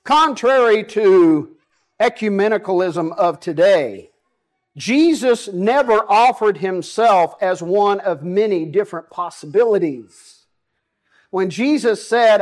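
Southern man preaching, high voice, slow and deliberate, folksy, emphatic. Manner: folksy, emphatic preaching with self-deprecating asides. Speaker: pastor. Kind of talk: sermon.

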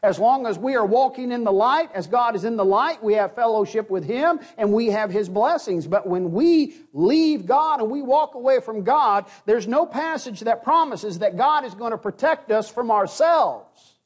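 A man's voice: very high-pitched, expressive, moderate pace, hardly any pauses. A man preaching an expository sermon to his congregation, earnest and repeating key phrases for emphasis.

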